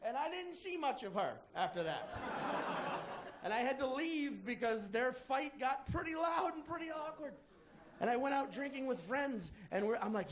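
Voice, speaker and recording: Lively stand-up comic, roaring crowd. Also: male voice, very high voice, moderate pace. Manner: animated, profane, playful. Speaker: stand-up comedian. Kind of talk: stand-up storytelling. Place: comedy stage before a live audience. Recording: live crowd laughter.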